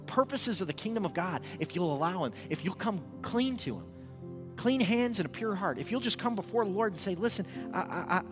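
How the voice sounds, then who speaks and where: High-voiced pastor preaching with soft music. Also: male voice. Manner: swings from hushed and intimate to loud exhortation; repeats words, calls on the congregation to respond. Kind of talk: sermon.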